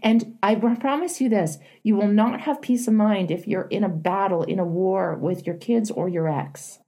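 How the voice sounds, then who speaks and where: A middle-aged woman with a husky, mellow voice gives a caller frank, emphatic advice. She talks plainly and earnestly, pressing her points home. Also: mid-range voice, normal speed. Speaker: advice show host. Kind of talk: coaching a caller.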